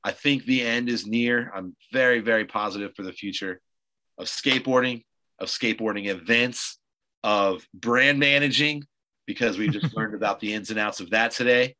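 A man with a lowish pitch and a bright, forceful voice, hosting a casual podcast. He rambles through his stories, packing them with "like" and "uh". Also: moderate pace, rough recording. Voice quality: loose, rambling storyteller with many fillers. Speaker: podcast host. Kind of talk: casual chat.

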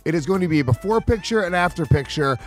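A man's voice: fairly high pitch, lively intonation, fast, soft background music. A man co-hosting a podcast, in crude, profane, mocking comedic banter. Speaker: podcast co-host.

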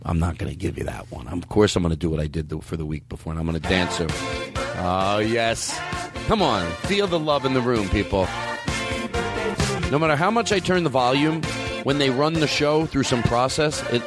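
A man hosting a comedy podcast rambles along in a playful, jokey way. His pitch bounces around a lot as he talks. Music plays clearly behind him. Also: lively intonation, fairly quick. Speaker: podcast host. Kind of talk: casual comedy podcast chat.

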